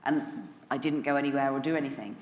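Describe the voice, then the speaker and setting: A woman's voice: extremely low pitch, steady tone, fast talker, in a large hall, slight background noise. A woman around fifty, a guest author on stage at a lunch event, chatting candidly and laughing often. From England, West Midlands. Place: large hotel function room.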